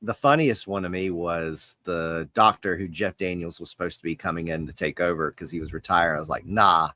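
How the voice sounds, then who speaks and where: A man's voice: deep voice, a little fast, sharp tone, no echo, studio quality. A man co-hosting a podcast, chatting casually about movies in a laid-back way, laughing often and swearing now and then. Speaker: podcast co-host.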